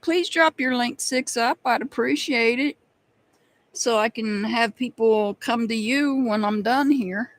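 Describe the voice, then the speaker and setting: Slow, gravelly-voiced live-stream tarot reader. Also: mid-range voice, a bit bright. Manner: talks straight to chat viewers, musing with pauses. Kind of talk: live-stream reading chat.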